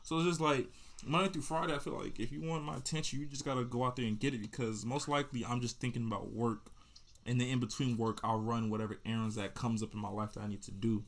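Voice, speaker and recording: A man's voice: mid-range voice, fairly even intonation, fast talker. Slangy young man rambling through a story. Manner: rambling, slangy, restarts and asides. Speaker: podcast host. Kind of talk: casual storytelling monologue.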